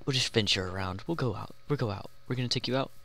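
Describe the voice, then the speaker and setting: A young man giving excitable, joking commentary while playing a game, talking to himself and the players around him. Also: medium pitch, fast talker, vocal fry. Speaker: gaming YouTuber. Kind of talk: live Minecraft gameplay commentary.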